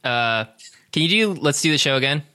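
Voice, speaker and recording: A podcast co-host in casual banter, coaching the other host with quick asides and laughter. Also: medium pitch, expressive, bright, forceful tone, clear, resonant tone, no echo. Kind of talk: casual banter, directing the read.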